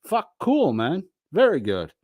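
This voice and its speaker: A man hosting a casual livestream and reading out viewer chat, profane and mocking, swinging between loud jeers and low mutters. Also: wildly swooping pitch, unhurried, dry recording, studio quality.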